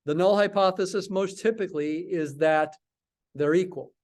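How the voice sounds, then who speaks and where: A man's voice: sits high, normal speed, a little mellow. A man teaching a statistics lecture, stressing points by repeating words and asking and answering his own questions. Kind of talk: recorded math lecture.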